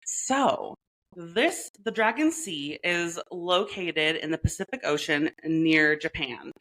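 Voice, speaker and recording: Low-voiced chatty woman podcaster. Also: expressive, slow, fairly bright tone, poor audio. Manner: chatty, playful, laughs often, many "like" fillers. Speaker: podcast co-host. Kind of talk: casual chat.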